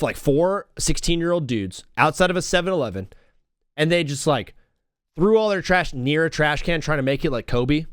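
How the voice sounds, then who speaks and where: A young man hosting a live talk show, ranting in an excitable, self-mocking way and jumping between topics. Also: fairly high pitch, dry recording, studio quality. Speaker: radio show host.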